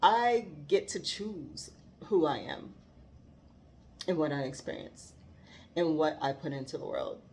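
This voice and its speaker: Slow, earnest woman reflecting on faith. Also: sits low, lively intonation, a little mellow, slight background noise. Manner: earnest and heartfelt, laughing often.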